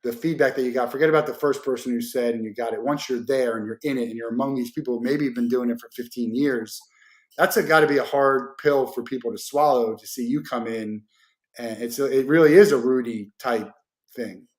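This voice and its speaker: A man with a mid-pitched voice hosts a podcast interview. He asks loose, rambling questions, padding them with "you know" and "like". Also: fairly quick. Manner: rambling, with many "like" and "you know" fillers and restarts. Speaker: podcast host.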